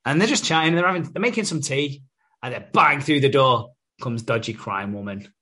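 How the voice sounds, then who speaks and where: A man hosting a casual podcast recap of a TV episode. He tells it loosely and chattily, with swearing and many fillers, in a mid-pitched everyday voice. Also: animated, a little fast, pushed and bright. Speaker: podcast host.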